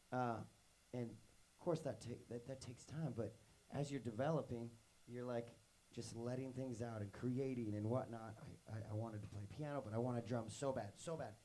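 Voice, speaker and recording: A man's voice: medium pitch, warm tone. A man leading a workshop, telling stories in a casual, rambling way to young students, full of "like" and "you know" and acted-out quotes. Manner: acts out quoted voices in his stories.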